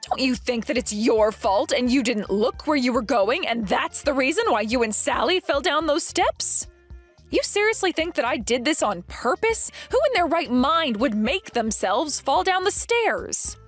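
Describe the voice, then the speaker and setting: A domineering mother-in-law, voiced by a woman, shrill and scolding, her pitch leaping high and low. The voice is breathy and a little high, with soft music under it. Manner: shrill, scolding, self-righteous. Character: domineering older mother-in-law, accusing and possessive. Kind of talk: animated story voice acting.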